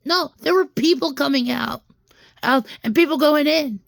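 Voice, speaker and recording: A young female vlogger speaks directly to her viewers in a rambling storytime video, venting frustration and repeating words as she restarts. Her fairly high voice has vocal fry and moves at a normal speed, captured in a dry, close recording.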